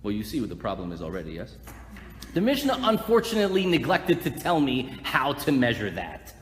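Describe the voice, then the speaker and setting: A man's voice: mid-range voice, brisk. A rabbi teaching a live Torah class, joking and putting questions to his listeners. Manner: animated, joking, asks the audience questions. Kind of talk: lively live Torah lecture. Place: lecture hall with live audience. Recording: echoey hall, faint room noise.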